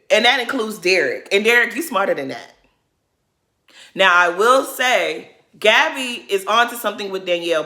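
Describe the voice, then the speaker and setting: A woman's voice: mid-range voice, sharp tone. A woman giving blunt, sassy reaction commentary on a reality show, talking straight to the cast.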